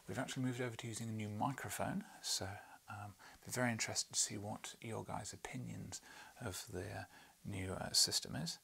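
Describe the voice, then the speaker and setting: A man's voice: fairly low pitch, gravelly, pushed and bright, husky. A man reading a classic novel aloud as an audiobook, with chatty, wry asides at home. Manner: chatty, wry, talks to his cat. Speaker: audiobook narrator.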